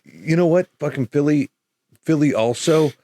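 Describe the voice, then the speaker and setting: A man hosting a podcast, chatting casually and cheering his guest on with quick agreement and laughter. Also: fairly high pitch, warm tone, no echo. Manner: eager backchanneling, laughs along. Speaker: podcast host. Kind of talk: casual chat.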